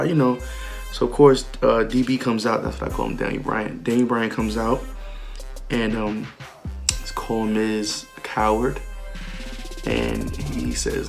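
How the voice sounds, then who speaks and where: A man's voice: on the low side, moderate pace, gravelly, faint music behind. A man hosting a podcast, casually recapping a wrestling show, full of ums and retold quotes. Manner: chatty, many ums, retells lines in quoted voices. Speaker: podcast host.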